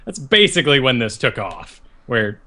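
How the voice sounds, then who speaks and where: A man's voice: mid-range voice, big pitch swings, normal speed, bright, forceful tone. A man co-hosting a casual live podcast, talking with jokey enthusiasm. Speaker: podcast co-host.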